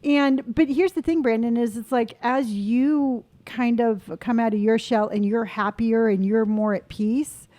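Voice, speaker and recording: A woman's voice: on the high side, steady tone, a little slow, few pauses, mellow. A middle-aged woman co-hosting a casual podcast chat, encouraging and rambling with fillers. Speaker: podcast co-host.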